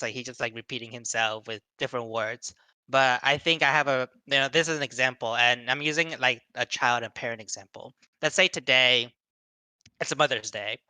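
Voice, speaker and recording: A man's voice: mid-range voice, bright, forceful tone, clear, resonant tone, no echo. A young man giving a casual seminar talk to young people, rambling with many fillers and restarts and acting out quoted voices. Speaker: seminar speaker.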